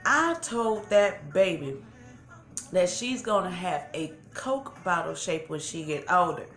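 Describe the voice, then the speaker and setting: A woman voicing a kindly older neighbor woman, slow and fond, in a roomy room. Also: on the low side, animated, a bit bright, heavily acted. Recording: roomy room with faint background music.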